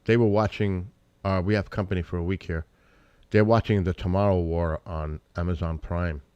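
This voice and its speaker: A middle-aged man hosting a live stream, chatting casually and rambling between searches and loud exclamations. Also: sits low, steady tone, moderate pace, clean tone, no room sound, lo-fi sound. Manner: rambling, talks to chat and family, breaks into loud exclamations.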